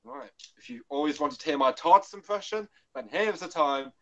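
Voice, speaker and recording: An excitable man co-hosts a casual livestream, rambling and restarting his sentences as he goes. His slightly high voice leaps around with lively energy. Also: moderate pace, vocal fry, lo-fi sound. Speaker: livestream co-host.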